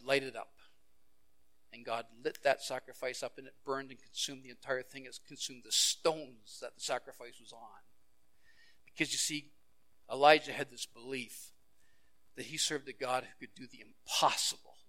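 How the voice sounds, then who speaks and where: A male pastor, his voice on the high side, preaches a sermon built around a Bible story. He acts out the characters' lines, shifting between loud exclamations and hushed, quiet passages.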